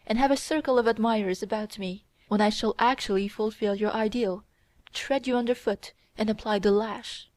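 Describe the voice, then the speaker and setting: Female audiobook narrator, steady measured read, dry booth sound. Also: medium pitch, dry recording. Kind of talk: scripted narration.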